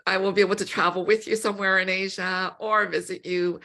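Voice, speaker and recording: A woman hosting an interview podcast, enthusiastic and quick to laugh. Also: mid-range voice, level tone, gravelly, pushed and bright. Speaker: podcast host. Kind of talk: conversational interview.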